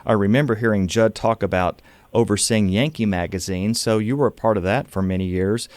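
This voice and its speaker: A man's voice: fairly low pitch, brisk, darkish tone, dry recording. A man from Oklahoma with a Southern American accent, hosting a radio interview in a folksy, conversational way. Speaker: radio host.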